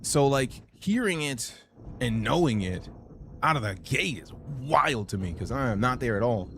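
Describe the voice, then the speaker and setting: Chatting loosely over a space game stream, this Chicago man jokes, swears and rambles at a moderate pace. His medium-pitched voice swings widely in pitch, and there's background noise in the recording from Chicago, United States.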